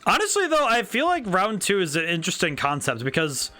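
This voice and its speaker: Excitable joking male game streamer. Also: high-pitched, fairly quick, soft background music. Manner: excitable, jokey, chats with viewers. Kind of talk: casual game stream commentary.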